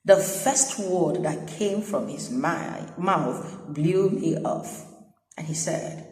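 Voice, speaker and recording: A woman's voice: fairly low pitch, expressive, slow, a little mellow. A woman news anchor, chatting animatedly as she tells a personal story with quoted dialogue. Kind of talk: casual storytelling vlog. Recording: echoey room with long reverb.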